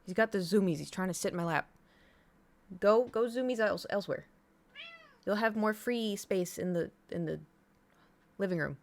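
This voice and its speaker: A woman talks to her live stream chat in a loose, rambling way, piling one aside onto the next. Her voice sits at an ordinary middle pitch. She sounds casual and animated. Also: moderate pace, vocal fry, long pauses. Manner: chatty, rambling, animated retelling.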